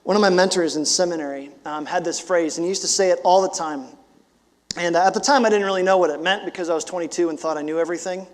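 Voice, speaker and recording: A pastor in his forties preaches with a high, bright-edged voice, moving between casual asides and emphatic bursts. His words ring out with a long reverb trailing behind them in the hall. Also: fast talker. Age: 40s. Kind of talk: sermon.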